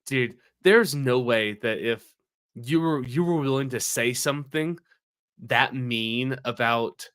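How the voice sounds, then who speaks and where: A man's voice: medium pitch, slow pace, a bit bright, smooth. A man co-hosting a podcast in casual banter, rambling and emphatic, swearing often. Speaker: podcast co-host.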